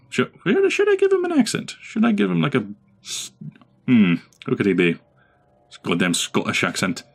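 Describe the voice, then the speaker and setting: A man's voice: medium pitch, huge pitch swings, unhurried, gravelly. A man giving casual gameplay commentary as a let's play host, chatting and talking to his units. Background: game music.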